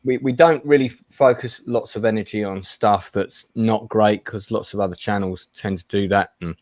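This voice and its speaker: A man's voice: on the low side, moderate pace, darkish tone, no room sound, studio quality. A man hosting a casual chat show, talking bluntly with lots of fillers and restarts. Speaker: host.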